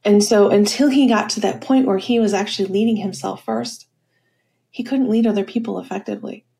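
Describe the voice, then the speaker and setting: A woman's voice: mid-range voice, steady tone, a little fast, creaky, mellow. A woman leadership coach telling stories in a podcast interview, with many fillers like "you know" and "um".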